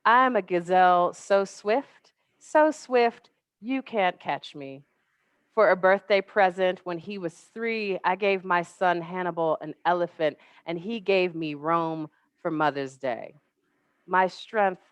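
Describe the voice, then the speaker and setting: A woman's voice: lowish voice, clear, resonant tone. Woman reciting as a proud, boastful Buddha. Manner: grand, boastful declamation. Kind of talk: poetry recitation. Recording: dry, dull lo-fi webinar audio.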